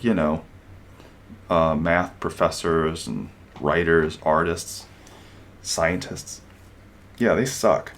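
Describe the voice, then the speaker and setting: Animated sarcastic male commentator. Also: sits low. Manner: animated, sarcastic, mocking impressions. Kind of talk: opinionated commentary monologue.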